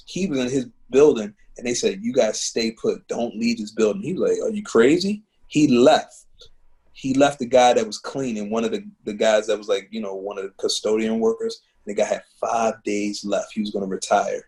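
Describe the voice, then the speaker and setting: A man's voice: medium pitch, darkish tone, poor audio. A man, a musician and teacher, telling earnest, heartfelt stories in a conversational interview, with lots of "man" and "you know". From Baltimore. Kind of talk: reflective conversational storytelling. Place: home living room.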